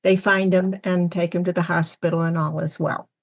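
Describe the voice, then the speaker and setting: A woman's voice: on the low side, moderate pace. Lady on a podcast panel spinning a story, acts out the voices, from upstate new york. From Syracuse, New York area. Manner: animated storyteller acting out quoted lines. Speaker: medium, panel guest.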